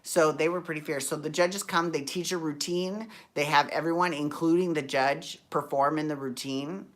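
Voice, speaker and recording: A woman with a deep, low voice chats through a TV show recap. Her delivery is sassy and campy, full of gossipy slang. She rambles and corrects herself as she goes. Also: steady tone, normal speed. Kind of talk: casual TV recap chat.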